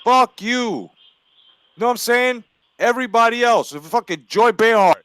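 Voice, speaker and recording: A man's voice: extremely high pitch, normal speed, fairly bright tone, smooth, no room sound. A man co-hosting a podcast, ranting crudely and with heat about celebrities, full of profanity. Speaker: podcast co-host.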